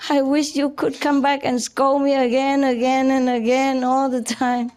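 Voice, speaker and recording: A woman's voice: high-pitched, little pitch movement, measured pace, a little mellow, clear, resonant tone, pitched above the performer's own voice. A woman voicing a young male disciple who is crying with joy and pleading, in a raised voice. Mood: tearful joy.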